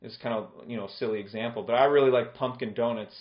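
Speaking quickly in a medium-pitched voice, this male pastor gives a conversational expository sermon that unpacks scripture through simple everyday examples. The audio is lo-fi and dull, captured in an echoey room.

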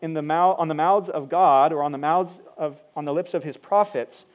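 A man's voice: fairly high pitch, normal speed, phone-quality sound. A man preaching a sermon, explaining a scripture passage in an easygoing, conversational way with frequent fillers. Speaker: pastor.

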